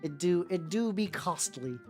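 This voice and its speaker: Chatty woman streamer, animated lower voice. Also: unhurried. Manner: chatty, swears freely, greets chat by name, laughs often. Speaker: VTuber streamer painting miniatures. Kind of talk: casual livestream chat. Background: soft background music.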